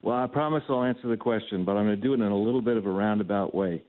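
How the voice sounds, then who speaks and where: A man's voice: fairly low pitch, very fast. A man calling in as a talk radio guest, talking in a roundabout way with frequent fillers. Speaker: phone-in guest. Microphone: telephone. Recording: tinny phone line.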